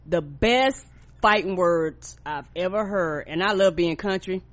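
A woman from the South, co-hosting a podcast in casual chat and acting out quotes with big pitch jumps. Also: measured pace, fairly bright tone. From American South. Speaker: podcast co-host.

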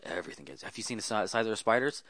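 A man's voice: lowish voice, lively intonation, very fast, fairly bright tone, no echo, studio quality. A man talking as a guest in a casual interview, telling rambling stories in a chatty way. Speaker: guest, automotive photographer.

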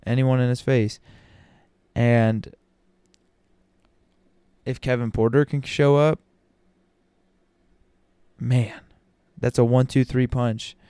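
A man's voice: mid-range voice, little pitch movement, slow pace, long pauses, mellow, clear, resonant tone, no room sound, clean studio sound. A man talking casually to his audience as a commentator, opinionated, with frequent ums and restarts. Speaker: sports commentator. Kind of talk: casual basketball talk.

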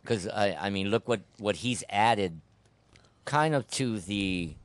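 Blunt, opinionated male podcast host with a low voice, dry close sound. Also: lively intonation, slow, no room sound. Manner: blunt, opinionated, with frequent restarts. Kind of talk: casual sports and politics chat.

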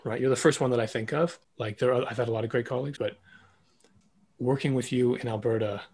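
A man's voice: medium pitch, fairly even intonation, fast talker, a little mellow, husky. A man hosting a podcast, talking casually and reflectively with a guest. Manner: talkative, reflective, many "like" fillers. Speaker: podcast host, former ballet dancer.

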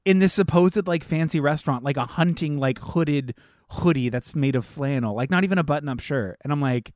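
A man's voice: on the high side, a little fast, dry recording. A young man talks casually and expressively, swinging between rising and dropping tones as he tells a story. His voice is close and dry, with no room sound around it. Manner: animated, expressive storytelling with swearing. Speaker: podcast co-host. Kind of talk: casual chat.

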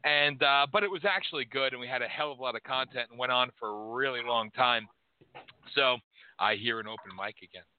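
A man's voice: medium pitch, brisk, smooth, no echo. Brash, profane male radio host. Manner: brash, profane, sarcastic ranting. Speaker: radio call-in show host. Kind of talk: casual political radio chat. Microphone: headset. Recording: tinny phone-like audio.

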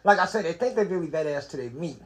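A man's voice: fairly high pitch, quick pace, a crowd in the background. A man telling a story in casual, profane chat and acting out the voices of the people in it. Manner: animated, profane, acts out quotes.

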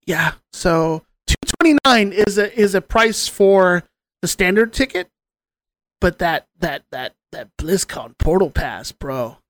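A man's voice: sits high, animated, slow pace, fairly bright tone, no room sound. A man hosting a casual podcast, venting with sarcasm and casual swearing. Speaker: podcast host.

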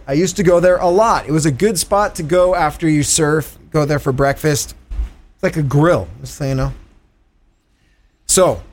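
A man in his thirties, a podcast co-host, telling stories in a casual chat, swearing and acting out what people said. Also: fairly high pitch. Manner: animated, swearing, acts out quotes.

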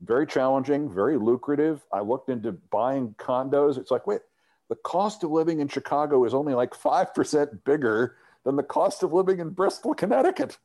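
A middle-aged man, a former sports TV host, telling animated anecdotes in an interview and often restarting his sentences. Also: mid-range voice, normal speed. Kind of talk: storytelling interview.

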